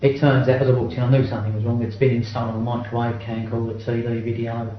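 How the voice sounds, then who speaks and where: A middle-aged man talks quickly and bluntly, swearing freely and tripping into restarts as he tells his story. His voice sits in an ordinary male range. The recording is heavily echoey and a little dull, with faint room sound underneath. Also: mid-range voice, flat delivery, slight background noise. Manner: blunt, swears often, stumbles and restarts while reliving events. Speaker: interviewee. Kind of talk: first-person account in an interview.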